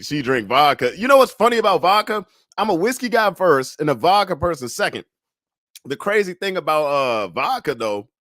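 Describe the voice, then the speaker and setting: A man hosting a casual live chat show, laid-back and chatty, laughing often, swearing freely and breaking into loud whoops. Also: mid-range voice, dry recording, studio quality. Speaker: livestream talk show host.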